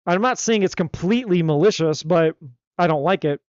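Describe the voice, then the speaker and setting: A man giving a live tarot reading in a blunt, animated, slangy way. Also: high voice, fairly quick, clean tone, no room sound, muffled recording. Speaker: tarot reader.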